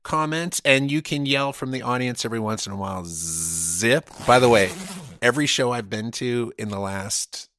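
A man co-hosting a comedy podcast, chatting in excitable, laughing banter. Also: medium pitch, normal speed, dry recording. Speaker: podcast co-host. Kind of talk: casual comedic chat.

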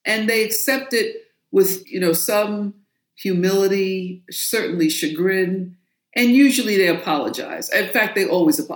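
A woman's voice: mid-range voice, moderate pace. A woman from New York, an author and guest in an interview, telling her story in a forthright, emphatic way. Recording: roomy echo.

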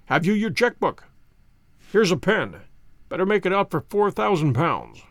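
A man reading an audiobook, voicing a calm, self-assured detective who explains in measured tones. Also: high-pitched, no room sound, exaggerated voice.

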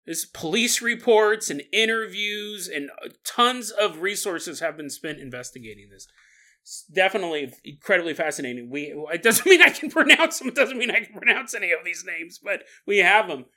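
Chatty male host who tells strange stories, jokey and bright. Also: sits high, lively intonation, normal speed. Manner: jokey, laughs often, shifting volume. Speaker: podcast host. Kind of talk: casual storytelling.

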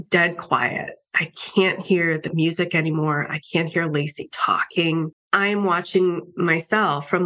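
Lower-voiced woman telling a personal story. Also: a bit bright. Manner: conversational, many "like" and "you know" fillers, acts out her own inner voice. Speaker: podcast guest.

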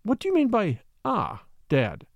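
A headstrong young heiress in an audiobook, pleading and indignant by turns, put on by a man reading. Her voice sits high and swings widely. It sounds close and dry. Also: wildly swooping pitch, a little slow, no room sound, heavily acted. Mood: plaintive. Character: young wealthy woman, headstrong and upset.

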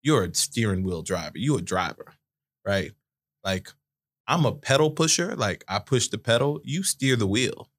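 A man's voice: on the low side, lively intonation, moderate pace. A man in his thirties co-hosting a casual podcast, explaining his points with analogies. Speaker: podcast co-host. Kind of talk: casual chat.

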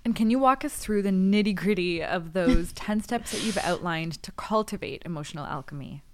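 A woman's voice: lowish voice, normal speed, slight background noise. A woman interviewer asking curious, lightly playful questions.

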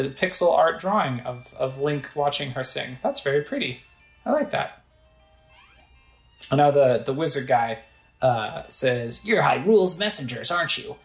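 A woman's voice: low-pitched, gravelly, reverberant, rough recording. A woman casually playing a video game, chatting about what's on screen and reading text aloud. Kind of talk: casual let's play commentary.

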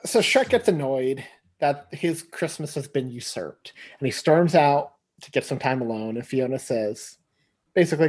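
A man's voice: mid-range voice, normal speed, husky. A man co-hosting a casual podcast, retelling a film scene by scene with frequent laughter and acted-out quotes. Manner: animated retelling, laughs often, acts out quotes. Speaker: podcast co-host. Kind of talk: casual movie recap chat.

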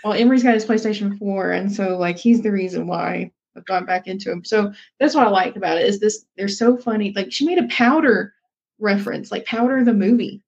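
A woman's voice: medium pitch, fairly quick, darkish tone, slightly rough, dull audio. A young woman co-hosting a podcast in casual chat, talking loosely with plenty of fillers and laughs. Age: young adult. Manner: chatty, lots of fillers and laughs. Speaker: podcast co-host.

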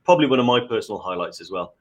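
A man with a somewhat low voice, talking casually with a friend. He tells stories in a light, jokey manner and laughs often. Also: lively intonation, racing. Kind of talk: casual chat.

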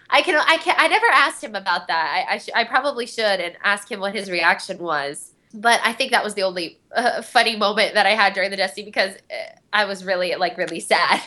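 Speaking a little fast, this young woman has a medium-pitched voice that sounds pushed and bright. She's a voice actress chatting casually on a convention panel, wandering through stories with plenty of fillers and giggles.

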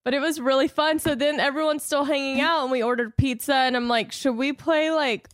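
Woman, thirties, casual storytelling, fairly high voice, close dry mic. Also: steady tone, fairly quick, no room sound. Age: 30s. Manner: chatty storyteller, laughs often. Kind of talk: casual chat.

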